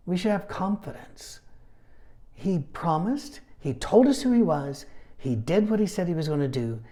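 A middle-aged man leading a Bible study, talking casually and telling animated stories with asides. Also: high voice, moderate pace. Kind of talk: conversational Bible teaching.

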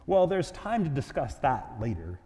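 A man's voice: mid-range voice, sing-song, moderate pace, mellow. A man reading as a fretful, stammering male ghost. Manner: petulant, stammering excuses. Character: fretful, evasive male ghost clinging to his vice. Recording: long reverb of a large hall.

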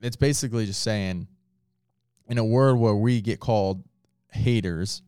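A man's voice: on the low side, a little slow, darkish tone, clear, resonant tone, no room sound, faint music behind. A man who is a pastor, talking casually and earnestly with lots of filler words. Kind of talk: casual podcast talk.

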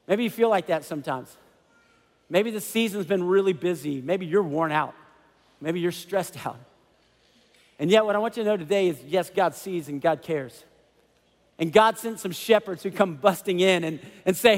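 A man preaching a sermon as a pastor, animated and conversational, with many asides to the congregation. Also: high-pitched, moderate pace, in a large hall.

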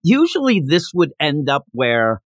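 A man's voice: a little high, measured pace, no room sound. A man co-hosting a podcast, chatting casually and joking as he recaps a manga chapter. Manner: animated, jokey, slips into character voices. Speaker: podcast co-host.

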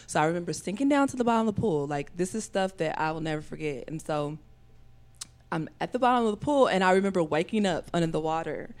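A woman telling a long personal story as a podcast guest, rambling with fillers and acting out other people's voices with big jumps in pitch. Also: expressive, quick pace. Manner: talks in rambling runs with many fillers.

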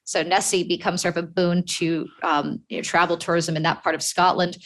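A woman's voice: fairly low pitch, flat delivery, fairly quick, a bit bright. A woman podcast host asking long, rambling interview questions full of fillers.

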